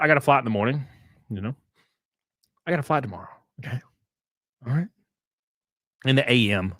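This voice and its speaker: A man's voice: on the low side, a bit bright, dry recording, clean studio sound. A man hosting a live reaction stream, teasing and cursing at his chat in a brash, joking way.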